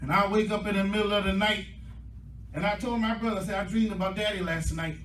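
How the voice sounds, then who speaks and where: A male pastor preaching a sermon, his delivery swelling into impassioned shouting as the congregation answers him. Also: sits high, fairly even intonation, fast talker, a little hiss or hum. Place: church sanctuary. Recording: echoey church room from a distance with faint music.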